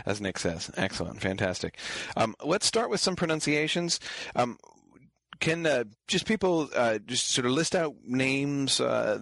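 A man's voice: medium pitch, fairly bright tone, no room sound. A man lecturing an online class and taking viewer questions, explaining patiently and often stopping with fillers and restarts. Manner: halting, many fillers and restarts.

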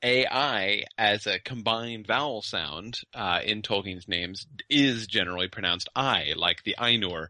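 Bright-toned man explaining, dry close mic. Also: lowish voice, no room sound. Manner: halting, many restarts, professorial explaining. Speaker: podcast co-host and lecturer. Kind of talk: casual scholarly discussion.

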